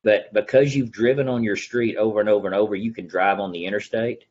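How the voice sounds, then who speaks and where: Husky low-voiced east texas guy, folksy real estate storyteller, dull lo-fi audio. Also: steady tone, quick pace, darkish tone. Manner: folksy, earnest storyteller who acts out the dialogue he recalls. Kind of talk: casual interview storytelling.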